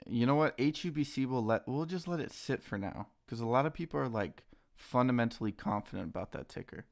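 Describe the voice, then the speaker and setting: A young man casually chatting on a live stream while trading stocks, excitable and slangy, greeting viewers by name. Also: mid-range voice, fairly quick, gravelly. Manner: excitable, talks to chat and his dogs, says dude a lot.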